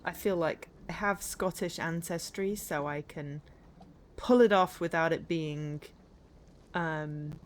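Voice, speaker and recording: Chatty English woman streamer, lowish voice. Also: slow pace. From northern England. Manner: rambling, self-interrupting, chatty. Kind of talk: casual chat while playing a game.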